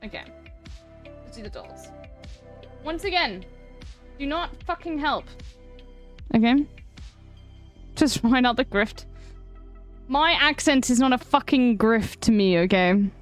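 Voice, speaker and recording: A young South African woman with a South African accent, casually chatting to her live-stream viewers, blunt and quick to swear. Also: on the high side, lively intonation, faint music behind. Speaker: livestreamer.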